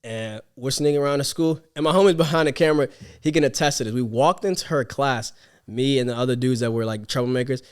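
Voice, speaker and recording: A man's voice: mid-range voice, fast, clean tone. A young man hosting a podcast, telling a story in casual slangy chat and acting out the people he quotes. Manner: animated, slangy, acts out quotes in other voices. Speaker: podcast host.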